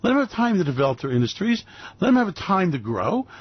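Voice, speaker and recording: Older man from New York City, radio host, ranting and emphatic; husky voice with dull, lo-fi sound. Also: sits high, sing-song, quick pace, no room sound. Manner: emphatic, ranting, rhetorical questions. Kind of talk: opinionated radio commentary.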